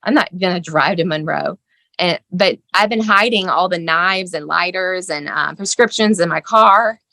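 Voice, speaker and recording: A middle-aged woman telling the story of her son's crisis as a mother, shaken and halting, with many fillers. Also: lowish voice, vocal fry, pushed and bright, no echo. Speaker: mother of a teen son. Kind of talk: emotional personal account.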